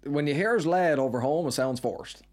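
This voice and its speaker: A man with a Newfoundland accent, chatting casually as a podcast guest in a quick, rambling way, often tagging "right?" onto his sentences. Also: a little high. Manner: rapid, rambling storyteller with frequent "right?" tags. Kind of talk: casual chat.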